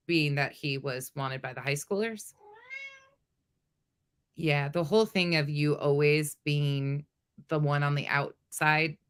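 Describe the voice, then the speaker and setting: A woman's voice: deep voice, sharp tone. A woman host giving pointed, skeptical commentary on a story she plays. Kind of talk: critical commentary.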